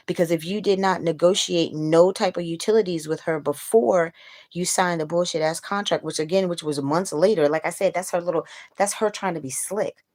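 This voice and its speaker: A woman's voice: lowish voice, normal speed, darkish tone. A woman hosting a casual livestream, venting bluntly to her viewers with plenty of profanity. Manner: talks straight to viewers. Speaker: livestream host.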